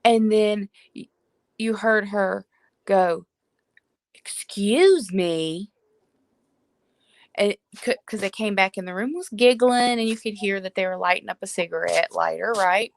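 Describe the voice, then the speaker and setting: A woman hosts a paranormal live stream and tells ghost stories in a loose, animated way. She acts out the voices she quotes. Her voice is mid-pitched and sounds close and dry. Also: normal speed, creaky, no room sound. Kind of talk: casual storytelling chat.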